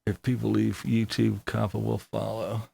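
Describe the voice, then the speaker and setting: A man's voice: on the low side, completely flat delivery, moderate pace, gravelly, dark tone, slight background noise. A man hosting a casual livestream, reading viewer comments aloud in a laid-back way and chuckling often. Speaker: livestream host.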